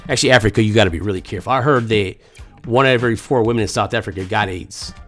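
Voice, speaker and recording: A man's voice: lowish voice, rapid-fire, fairly bright tone, faint music behind. A man from the United States telling a crude comedic story, profane and rambling with lots of slang.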